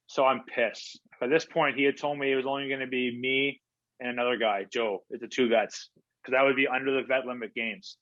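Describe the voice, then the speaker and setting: A man's voice: medium pitch, steady tone, a little fast, fairly bright tone, no room sound. A man from Canada, a hockey player guest, telling stories casually with lots of fillers and replayed conversations. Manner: chatty, filler-heavy, replays conversations in quotes. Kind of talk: casual storytelling interview. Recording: dull, dry lo-fi sound.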